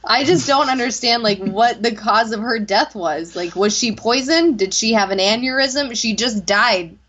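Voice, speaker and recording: A woman's voice: a little high, moderate pace, fairly bright tone, slight background noise. A woman hosting a podcast in casual chat, rambling and swearing freely, with a dull lo-fi sound. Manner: profane, rambling chatter.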